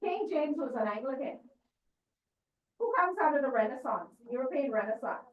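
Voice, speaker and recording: Woman church lecturer, higher voice, teaching style that keeps asking the room questions; dull, far-off echoey recording. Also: animated, normal speed. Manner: questioning, checks in with listeners.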